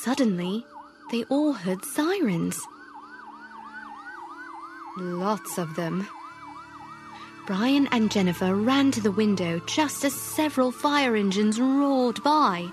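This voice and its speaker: Casting: woman narrator, slow and gentle, devotional storybook reading, soft music under. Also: medium pitch, expressive.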